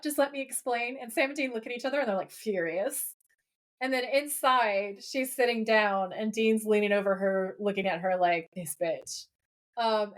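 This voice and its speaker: A woman co-hosting a podcast, casually recapping a TV episode and acting out the characters' lines with lively energy. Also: fairly high pitch. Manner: animated storyteller who acts out the characters' lines. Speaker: podcast co-host.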